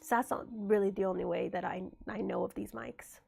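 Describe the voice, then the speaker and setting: A woman's voice: mid-range voice, fairly even intonation, fairly quick, creaky, a little mellow, breathy edge. A young woman getting over a cold, chatting casually on a livestream and answering her chat.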